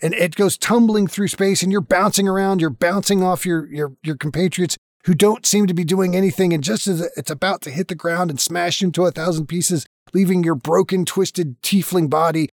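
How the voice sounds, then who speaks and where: A man's voice: sits high, moderate pace, hardly any pauses, no room sound, studio quality. A man narrating a tabletop game as game master, playful and dramatic, with frequent swearing.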